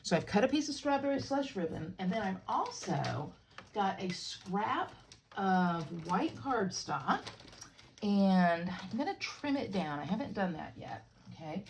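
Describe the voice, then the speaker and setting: Chatty woman with a lively, gravelly voice. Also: medium pitch, a little slow, a little hiss or hum. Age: middle-aged. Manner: chatty and playful, jokes with viewers. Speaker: crafting tutorial host. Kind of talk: casual craft demonstration.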